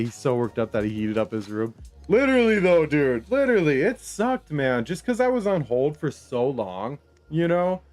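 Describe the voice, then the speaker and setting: A man's voice: mid-range voice, darkish tone. A young man streaming a game from his room, chatting casually with viewers, calling them homies and brother in a laid-back slangy way. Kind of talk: casual live-stream chat while gaming. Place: home room.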